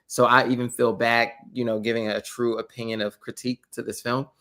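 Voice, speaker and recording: A man co-hosting a podcast in casual chat, giving candid, measured opinions with a chuckle. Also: medium pitch, flat delivery, bright, forceful tone. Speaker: podcast co-host.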